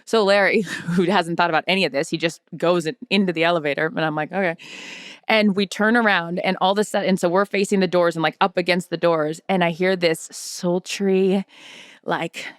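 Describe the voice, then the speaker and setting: Lively woman telling a story on a podcast. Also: on the low side, fairly quick, clear, resonant tone, no echo, clean studio sound. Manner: lively, swearing, acts out quotes in anecdotes. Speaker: podcast co-host. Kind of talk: casual chat, storytelling.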